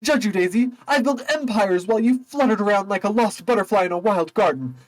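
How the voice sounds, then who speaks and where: A man voicing a wealthy, self-important gentleman in a game, speaking in a pompous, dramatic way. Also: high-pitched, lively intonation, a little fast, low-quality recording.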